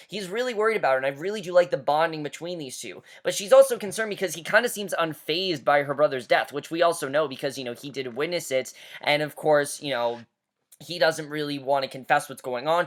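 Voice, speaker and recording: Fast-talking enthusiastic male movie reviewer. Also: on the high side, a bit bright. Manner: enthusiastic, rambling with frequent "you know" and "I mean". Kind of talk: casual spoken movie review.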